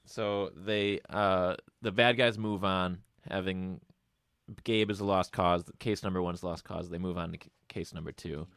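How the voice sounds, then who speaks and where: A man's voice: low-pitched, fairly even intonation, moderate pace, a bit bright, clean tone, no room sound, studio quality. A man co-hosting a podcast, recapping a film's plot with wry asides in casual chat. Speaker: podcast co-host.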